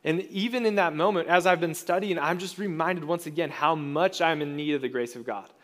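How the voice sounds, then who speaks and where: A male pastor delivers a sermon in a fairly high voice. He talks in an earnest, conversational way and often restarts his phrases mid-thought. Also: a little fast, fairly bright tone.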